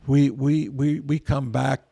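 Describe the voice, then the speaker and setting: Older man, gravelly and husky voice, rambling earnest storyteller, dry close sound. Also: medium pitch, steady tone, slow pace, mellow, dry recording. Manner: rambling, earnest, frequent restarts. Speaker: guest, veteran. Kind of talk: casual storytelling interview.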